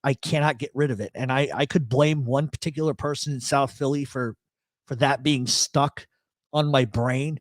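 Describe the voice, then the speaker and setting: A man's voice: mid-range voice, fairly even intonation, moderate pace, dry recording. A man hosting a live talk show, with a South Philadelphia accent picked up over the years, rambling and swearing through his stories. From Rhode Island. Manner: rambling, profane, storytelling. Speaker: radio show host.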